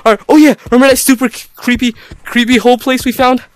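A young man chatting during a game, excitable and panicky, saying bro constantly. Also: very high-pitched, fast, slight background noise. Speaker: gaming video creator. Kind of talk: casual gameplay chat.

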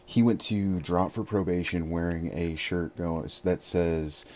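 A man's voice: deep voice, fairly even intonation, measured pace, a little mellow, slight background noise. A young man chatting casually while gaming, laid-back and swearing in banter. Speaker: streamer.

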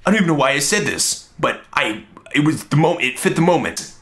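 A young man delivering a comedic story monologue with animated, exaggerated comic delivery. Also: a little high, brisk.

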